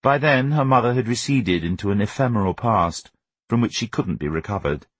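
A man reading a novel aloud as an audiobook narrator, with an expressive, wry storytelling manner. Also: on the low side, fairly quick, breathy edge, no room sound. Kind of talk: scripted narration.

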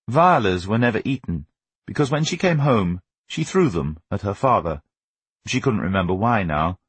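A man reading a novel aloud as an audiobook narrator, with an expressive, wry storytelling manner. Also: fairly low pitch, slightly rough, no room sound. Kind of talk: scripted narration.

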